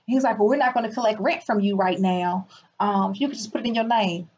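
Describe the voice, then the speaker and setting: A woman telling a story in a casual vlog from her clinic, indignant and animated, acting out the people she quotes. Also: medium pitch, a little fast, husky. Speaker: business owner and healer. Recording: muffled lo-fi sound.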